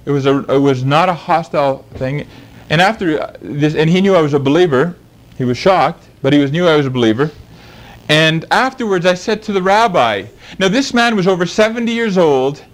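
A man's voice: fairly high pitch, brisk, low-quality recording. A man preaching a sermon, emphatic and fond of rhetorical questions.

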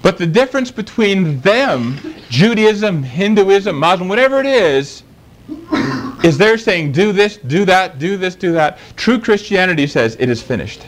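A man's voice: sits high, rough recording. A man preaching a sermon, emphatic and fond of rhetorical questions.

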